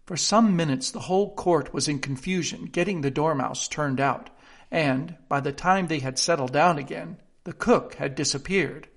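A man narrating a classic children's book aloud in a steady, expressive storytelling manner. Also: a little high, moderate pace. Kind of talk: audiobook narration.

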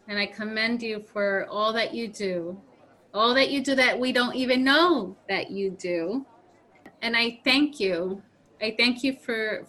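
A woman's voice: mid-range voice, sharp tone. A woman interviewer thanking and commending her guest.

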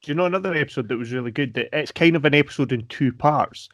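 A man co-hosting a podcast, chatting quickly and laughing easily. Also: mid-range voice, a bit bright, no room sound, clean studio sound. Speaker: podcast co-host. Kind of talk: casual chat.

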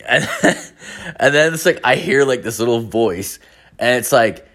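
A man's voice: medium pitch, expressive, fairly quick, fairly bright tone. A man in his thirties telling a rambling, profane comic story. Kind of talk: comedic personal storytelling.

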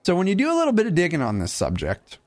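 A man hosting a casual gaming podcast, animated and jokey, with quick asides. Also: high voice. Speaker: podcast host.

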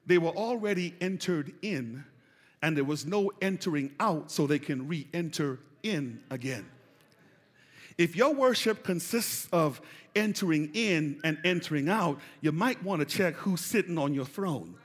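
High, bright-voiced preacher in a hall. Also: male voice, lively intonation, moderate pace. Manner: preaching with call-and-response, rising to shouts. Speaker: pastor. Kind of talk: sermon. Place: large church hall. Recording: reverberant church hall.

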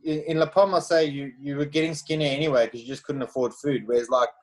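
A man's voice: a little high, fast talker, slight background noise, poor audio. South african guy in his thirties chatting loosely, lots of "like" and "you know". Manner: relaxed storytelling, many fillers. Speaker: former pro cyclist, podcast guest. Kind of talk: casual chat.

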